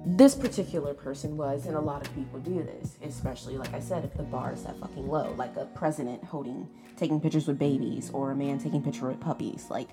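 A young woman talking in a blunt, profane, animated way in a casual monologue, with music playing behind. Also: sits low. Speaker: vlogger. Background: background music.

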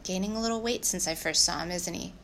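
A woman's voice: fairly low pitch, fast talker, fairly bright tone, slight background noise. Brief: easygoing practical fellow, plain delivery; woman narrator voices him. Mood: casual.

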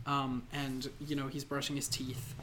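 A man's voice: mid-range voice, completely flat delivery, normal speed, background noise. Laughing, foul-mouthed male podcast co-host. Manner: laughs often, swears freely, acts out silly scenes. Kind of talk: casual comedic chat.

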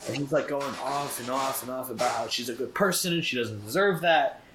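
A man's voice: mid-range voice, fairly quick, slight background noise, low-quality recording. A man co-hosting a podcast, telling stories in casual, profane chat and acting out the voices of the people he quotes. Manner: animated storyteller, acts out quoted voices. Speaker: podcast co-host.

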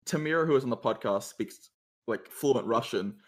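A young man co-hosting a film podcast, jokey and animated, laughing easily. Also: mid-range voice, moderate pace. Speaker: podcast co-host. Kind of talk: casual chat.

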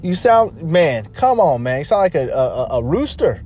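A male podcast host delivers a casual motivational monologue, repeating phrases, restarting sentences and rambling emphatically. His voice is on the high side and very animated, with a darkish, breathy tone at normal speed.

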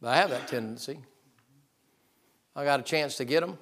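A preacher delivers a sermon in a folksy, emphatic storytelling voice. He is plainspoken and self-deprecating, with a middling pitch. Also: normal speed, fairly bright tone.

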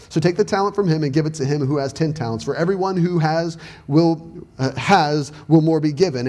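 Earnest preaching man, slightly high voice. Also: darkish tone. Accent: Southern US. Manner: earnest preaching, rising to raised emphatic passages. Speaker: pastor. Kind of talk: sermon.

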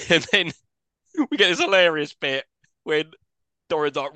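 Brief: male podcast co-host, lively and bright, dry close mic, giggly scene-by-scene recaps. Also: medium pitch, clean tone, no room sound. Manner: animated recapping, quick to laugh, acts out scenes. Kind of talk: casual film-review chat.

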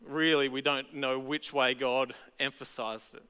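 A man's voice: mid-range voice, little pitch movement, unhurried, sharp tone, clear, resonant tone. A man with an Australian accent preaching a sermon as pastor, talking in a chatty, conversational way with casual asides. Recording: echoey hall.

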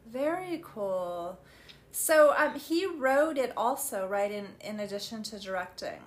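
A woman's voice: a little high, animated, unhurried. A woman hosting an interview, gushing enthusiastically and filling her talk with "like" and "um". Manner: enthusiastic, gushing, lots of fillers like "like" and "um". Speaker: interviewer, host. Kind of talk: casual interview chat.

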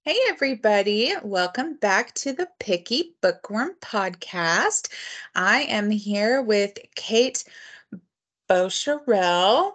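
A woman's voice: medium pitch, animated, slow, fairly bright tone. A woman hosting a book podcast, chatting casually with frequent ums and restarts. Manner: chatty, hesitant with many ums. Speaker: podcast host. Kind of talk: casual interview chat.

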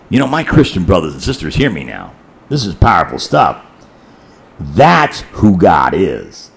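A man pastor preaching a sermon, dramatic, repeating key lines and swinging between soft and loud. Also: mid-range voice, very animated, normal speed, vocal fry, reverberant.

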